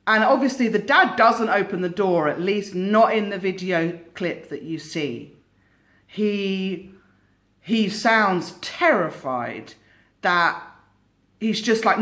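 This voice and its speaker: A woman of middle pitch speaks slowly and casually as a tarot channel host. She tells a cautionary story in a musing way, often pausing and restarting her sentences. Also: expressive, fairly bright tone. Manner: unhurried, musing, with hesitant restarts.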